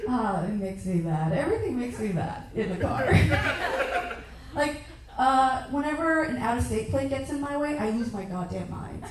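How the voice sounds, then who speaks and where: A young woman performing a stand-up set with a higher, very lively voice that keeps leaping up and down. She bursts into shouted rants for her asides. The sound is distant and echoey, caught from across a club room. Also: a little slow, pauses often, crowd noise. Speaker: stand-up comedian. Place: comedy club stage.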